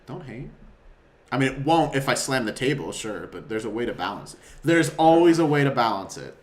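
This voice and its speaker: A young man hosting a goofy casual podcast, loud and laughing, swearing and bursting into yells. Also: medium pitch, very animated, a little fast. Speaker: podcast host.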